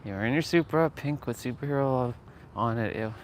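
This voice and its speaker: A man talks casually and laughs frequently with his viewers while walking a street, live-streaming from a phone on a gimbal. His mid-range voice moves at normal speed, with a little hiss or hum in the audio.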